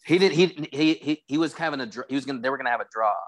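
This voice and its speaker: A man co-hosting a casual movie review podcast, eager and full of quick agreements. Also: mid-range voice. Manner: quick, eager, repeats yeah a lot. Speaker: podcast co-host.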